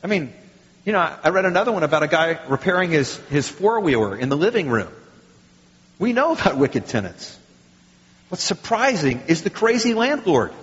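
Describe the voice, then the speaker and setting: Animated man preaching in a reverberant hall. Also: high-pitched, normal speed. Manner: animated preaching with acted quotes and rhetorical questions. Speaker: pastor. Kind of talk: sermon. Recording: muffled sound with long hall reverb.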